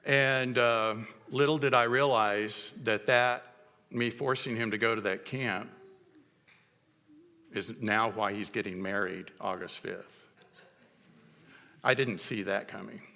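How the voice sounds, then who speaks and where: A middle-aged man preaching a sermon as pastor, telling stories in a conversational way with halting restarts. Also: medium pitch, pushed and bright, big-room sound. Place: church sanctuary.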